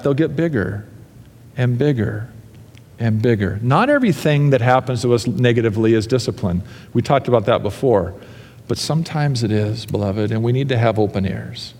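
Man, pastor, sermon, earnest, fervent then hushed, mid pitch, long hall reverb. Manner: earnest, rising to fervent emphasis and dropping to soft pleas.

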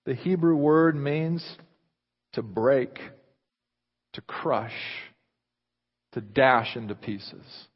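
A man preaching a sermon, moving from loud, fervent delivery to hushed near-whispers. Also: mid-range voice, extremely slow, long pauses. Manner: impassioned, rising loud then dropping to near whispers. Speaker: pastor. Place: church sanctuary. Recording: muffled reverberant hall recording.

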